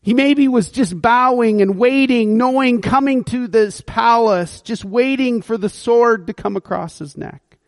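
High-voiced pastor preaching slowly. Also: male voice, no echo, clean studio sound. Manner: storytelling, acting out voices of biblical figures. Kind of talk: sermon.

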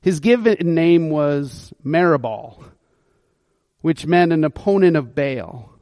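A man's voice: fairly high pitch, lively intonation, slow, a little mellow, no echo, studio quality. A male pastor preaching a sermon, retelling a Bible story and acting out the figures' voices.

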